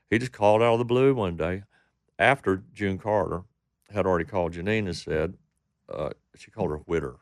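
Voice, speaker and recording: A man's voice: sits low, creaky, no echo, studio quality. A man from Texas, a country singer, telling rambling stories in an interview, acting out what people said. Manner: rambling anecdotes with quoted voices. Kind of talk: storytelling interview.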